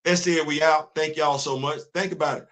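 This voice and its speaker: A man's voice: fairly high pitch, steady tone, a little fast, a bit bright. A man hosting a casual livestream, talking emphatically and repeating himself as he drives his points home. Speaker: host.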